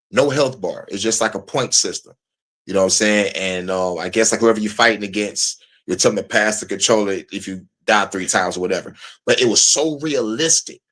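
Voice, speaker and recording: A man in his thirties hosting a podcast, telling stories in a casual, profane and excited way and laughing often. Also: mid-range voice. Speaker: podcast host. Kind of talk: casual chat.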